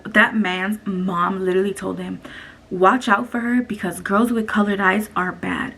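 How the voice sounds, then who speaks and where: A woman's voice: medium pitch, brisk, gravelly, a bit bright, slightly rough. A young woman vlogging at home, telling a story in a blunt, profane, venting way, with faint noise behind her. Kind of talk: casual story time vlog. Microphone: camera.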